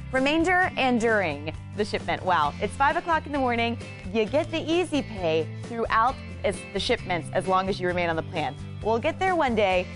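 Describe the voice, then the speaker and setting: A woman hosting a live shopping channel, talking in a bubbly, upbeat selling patter. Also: a little high. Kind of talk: live home shopping presentation.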